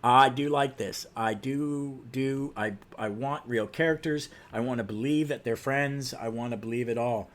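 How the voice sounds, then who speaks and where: A man's voice: medium pitch, normal speed, hardly any pauses. A man hosting a podcast, recapping comics with enthusiastic, gushing asides. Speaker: podcast host.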